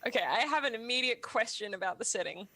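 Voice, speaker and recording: A woman's voice: on the high side, expressive, fast talker, sharp tone, dry recording. A woman playing a tabletop game, thinking aloud with many hesitations and fillers. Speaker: player. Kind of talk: tabletop role-play in character and out.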